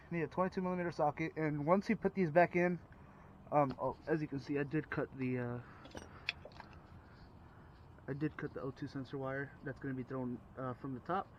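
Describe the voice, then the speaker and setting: A man's voice: medium pitch, lo-fi sound, slight background noise. A man talking casually through a car repair, rambling with fillers and restarts, recorded outdoors at night while working under the car. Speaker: DIY car repair vlogger. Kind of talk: casual how-to narration.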